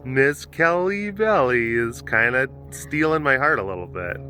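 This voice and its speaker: A man's voice: medium pitch, lively intonation, measured pace, sharp tone, soft background music. A man hosting a casual vlog at an outdoor animal compound, chatting playfully and cooing baby talk at the cats. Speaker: host.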